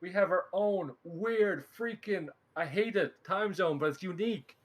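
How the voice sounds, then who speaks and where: A young man from Newfoundland with a light Newfoundland accent, chatting in a joking, playful way as a guest on an online show. His voice sits a little higher than most men's. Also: unhurried. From Newfoundland, Canada. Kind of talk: casual chat.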